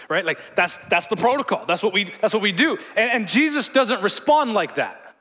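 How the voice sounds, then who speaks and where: A man's voice: sits high, sing-song, normal speed, fairly bright tone. A man preaching a sermon as pastor in a church hall, conversational, repeating words and joking with the congregation.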